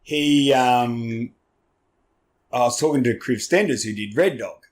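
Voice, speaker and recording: An Australian man chats as a podcast guest, his voice sitting at an ordinary middle pitch. He rambles loosely through his stories, swears freely and often restarts his sentences. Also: a little slow. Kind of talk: casual storytelling chat.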